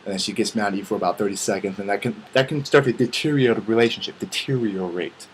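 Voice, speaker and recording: Speaking very fast in a voice on the low side, a young man vlogs through a casual, funny rant full of swearing. He animatedly acts out dialogue, and the rough recording has faint hiss or hum.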